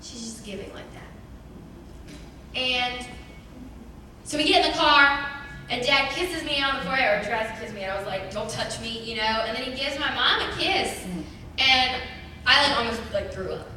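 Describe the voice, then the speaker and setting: A young woman sharing a personal testimony with a church congregation, chatty and animated, with many "like" fillers. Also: on the high side, normal speed, long pauses. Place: church hall. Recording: very echoey church hall, distant mic, faint noise.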